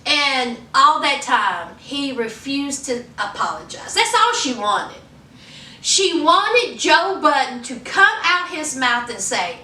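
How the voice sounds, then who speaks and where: High, animated, slow-talking woman vlogger. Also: distant mic, a little hiss or hum. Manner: chatty, drawling, addresses viewers as honey and y'all. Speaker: gossip vlogger. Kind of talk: casual celebrity gossip. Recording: roomy and off-mic.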